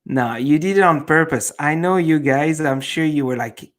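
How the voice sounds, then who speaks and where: A man's voice: fairly high pitch, moderate pace, few pauses. A young man hosting a live stream, chatting casually with his viewers and reading comments, laughing often between many fillers.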